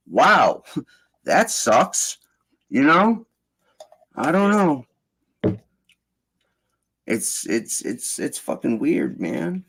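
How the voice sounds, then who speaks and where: Man host, casual voice chat, lively swearing rants, pitch jumps around. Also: husky. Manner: profane, animated ranting.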